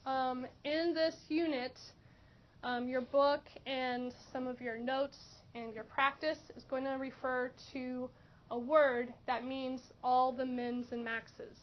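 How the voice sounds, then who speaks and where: Woman math teacher in class, bright high voice, muffled recording. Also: level tone, takes it slowly. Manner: questioning, encouraging students. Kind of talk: classroom lesson. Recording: dull lo-fi classroom recording with faint noise.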